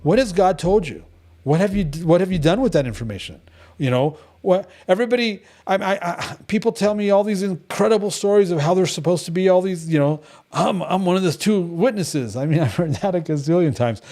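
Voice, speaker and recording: Middle-aged male group leader, blunt and animated, slightly high voice, casual teaching talk. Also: a little fast. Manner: animated, storytelling, blunt, many restarts.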